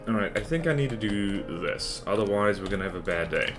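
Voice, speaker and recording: A man's voice: lowish voice, moderate pace, hardly any pauses, faint music behind. A man streaming a game, giving casual, joking commentary and talking to himself. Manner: animated, jokey self-talk.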